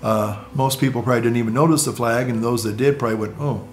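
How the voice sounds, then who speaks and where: A man vlogging in a casual, rambling monologue, with halting restarts, asides and chuckles at his own jokes. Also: mid-range voice, steady tone.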